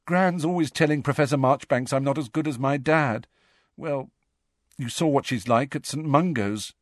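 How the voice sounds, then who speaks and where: A man voicing a shy, miserable teenage schoolboy who speaks quietly and subdued. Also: mid-range voice, moderate pace, dry recording, studio quality, pitched above the performer's own voice, lightly acted.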